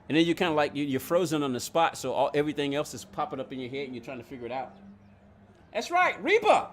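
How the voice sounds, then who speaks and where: A man's voice: a little high, sing-song, a little fast, slight background noise. A man streaming a racing game, rambling in casual chat, reading chat aloud and laughing often. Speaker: gaming streamer.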